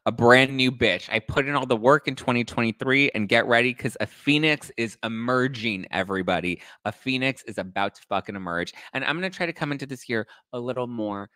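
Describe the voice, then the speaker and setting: A young man hosting a casual gossip show, telling stories in a campy, animated way and swearing freely. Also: a little fast, few pauses, dry recording. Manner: animated, campy, swears freely, acts out quoted people in high voices. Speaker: host.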